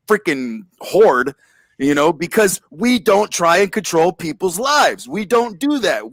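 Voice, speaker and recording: Higher-voiced guy co-hosting, rambling and emphatic, dry close sound. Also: fairly bright tone, no echo. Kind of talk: political webcast discussion.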